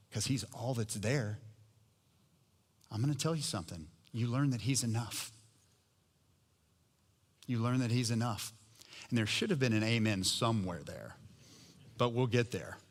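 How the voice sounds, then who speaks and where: A middle-aged man preaching a sermon, telling a personal story in a conversational, humorous way. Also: lowish voice. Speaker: pastor. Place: church sanctuary. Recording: long hall reverb.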